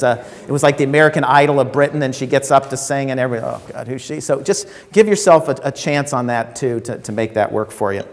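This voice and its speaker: A man giving a live keynote to a sales audience, telling stories, asking the crowd questions and acting out quotes. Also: medium pitch. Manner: storytelling, asks the audience questions, acts out quotes. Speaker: keynote speaker. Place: conference hall. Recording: reverberant hall recording.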